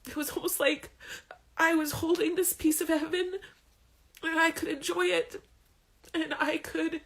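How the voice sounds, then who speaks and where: A woman's voice: very high voice, fairly bright tone. A woman in her thirties candidly telling a personal story to camera, chatty and emotional, laughing between sentences. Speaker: vlogger.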